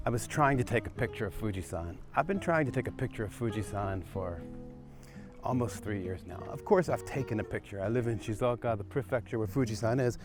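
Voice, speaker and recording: American man musing outdoors, music underneath. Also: medium pitch. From United States. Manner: relaxed, musing, talks to camera while exploring. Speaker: vlogger. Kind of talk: casual walking vlog narration. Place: outdoors, rural streets and tea fields. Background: background music.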